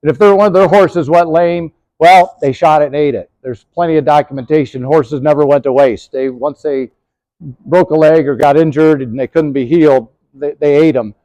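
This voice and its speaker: In poor audio with no room sound, a middle-aged man speaks at a moderate pace in a fairly high but dark-toned voice. Standing outdoors by his horse, this historical horse trekking presenter casually demonstrates his gear in a folksy, rambling way, using lots of fillers.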